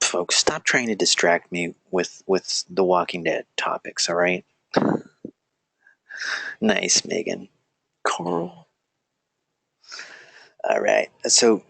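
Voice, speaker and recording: A man's voice: sits low, gravelly, fairly bright tone, breathy edge, no echo. A man teaching an online class in a casual, rambling way, stumbling over restarts, joking about himself and drifting off topic. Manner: rambling, self-deprecating, frequent restarts and digressions. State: feeling a little weak. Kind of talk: casual live lecture.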